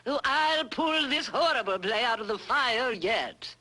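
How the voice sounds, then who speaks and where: A woman's voice: a little high, animated, a little slow, pushed and bright, heavily acted. A woman playing a vain, theatrical stage actress who calls everyone darling, in an old comedy radio play. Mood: grandiose.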